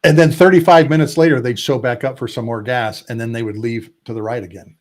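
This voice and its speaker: A man in his sixties, a retired Air Force pilot, telling animated war stories as a podcast guest and drawing out emphatic lists. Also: mid-range voice, fast talker. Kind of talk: casual storytelling interview.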